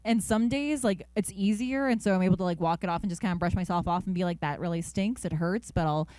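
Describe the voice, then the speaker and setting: A woman's voice: fairly low pitch, quick pace, no room sound. Upbeat young woman voice actor. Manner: animated, upbeat, lots of fillers. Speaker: voice actor guest. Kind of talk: casual interview chat. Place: convention interview.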